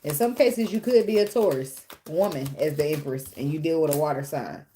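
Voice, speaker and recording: Lady doing a tarot reading, kinda low voice, cusses a lot and laughs, faint hiss. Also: a little fast. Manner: blunt and profane, laughs often; animated, talks straight to the viewer. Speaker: tarot reader. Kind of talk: casual tarot reading monologue.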